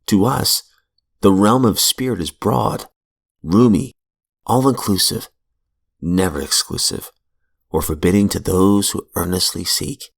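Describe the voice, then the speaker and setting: A man reading aloud from a recovery book in a measured, earnest way, with brief asides, into a close mic in a small room. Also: low voice, vocal fry. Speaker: reader of recovery literature.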